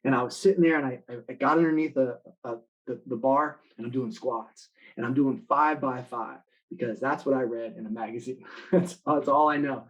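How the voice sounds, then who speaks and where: A man giving a motivational talk to students in an online live session, telling stories with lively acted-out quotes. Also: medium pitch, moderate pace, dull audio. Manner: animated storytelling, acting out quoted lines. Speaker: motivational speaker.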